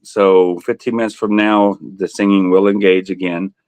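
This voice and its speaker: A man with a fairly low voice hosts a relaxed live auction, teasing himself and the bidders and laughing between items. His voice is recorded close and dry, with no room echo. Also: normal speed, clean tone. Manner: joking, laughs often, self-teasing; talks buyers through bids by name. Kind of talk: casual livestream auction chat.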